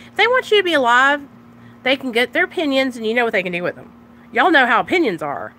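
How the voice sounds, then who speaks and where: A young woman chatting loudly and excitedly on a live stream about her recovery, talking straight to her viewers. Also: fairly high pitch, brisk, slight background noise. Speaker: recovery vlogger. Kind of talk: casual live-stream chat.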